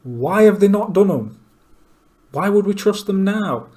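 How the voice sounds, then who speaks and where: A man's voice: high voice, expressive, unhurried, darkish tone. A man giving blunt, opinionated commentary between clips and asking pointed questions. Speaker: political commentator.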